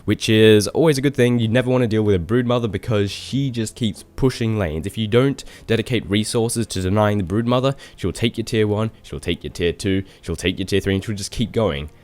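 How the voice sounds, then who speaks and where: A man's voice: fairly low pitch, fairly quick, few pauses, a little mellow. A young man from Australia giving solo esports commentary over a replay, chatty, with self-deprecating asides. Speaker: esports caster.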